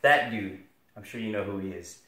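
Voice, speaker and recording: A man's voice: fairly low pitch, moderate pace, fairly bright tone. Sarcastic man teaching Latin in an echoey room. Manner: sarcastic, rambling, self-deprecating. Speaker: video tutor for Latin students. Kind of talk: casual joking lesson.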